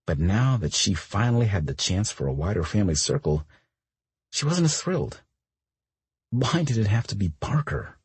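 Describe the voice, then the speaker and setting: A male audiobook narrator with a low, very breathy and husky voice. His reading is expressive, with wide, lively swings in pitch. The recording is close and dry. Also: normal speed, no echo.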